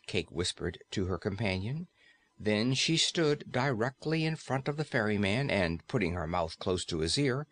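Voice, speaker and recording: A man narrating a classic fairy-tale audiobook in a steady, expressive storytelling way. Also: lowish voice, moderate pace, dry recording.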